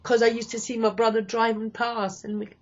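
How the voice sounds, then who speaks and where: A woman's voice: on the high side, little pitch movement, fairly quick, highs cut off. A Scottish woman in her fifties, telling her life story candidly and rambling, often quoting people. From Scotland. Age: 50s. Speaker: guest. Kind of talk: personal storytelling.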